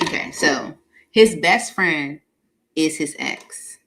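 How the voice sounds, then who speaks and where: A woman tarot reader chats with viewers on a live stream. She talks slowly and laughs often, her voice swooping up into high bursts. Between readings she reads their questions aloud. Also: very animated, a bit bright, poor audio. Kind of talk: casual live-stream chat.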